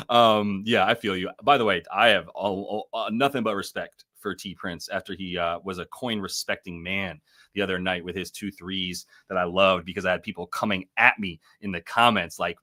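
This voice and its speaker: A man's voice: low-pitched, steady tone, normal speed, pushed and bright. A man hosting a live sports betting stream, talking loosely and profanely with lots of fillers and self-corrections. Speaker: sports betting show host. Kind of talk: casual live-stream commentary.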